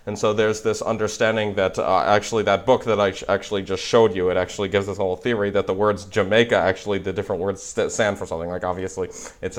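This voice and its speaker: A young man with a New England accent, hosting a casual language video where he reads aloud and explains as he goes, thinking out loud with many fillers and restarts. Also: deep voice. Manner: thinking aloud, frequent fillers and restarts, slow careful spelling.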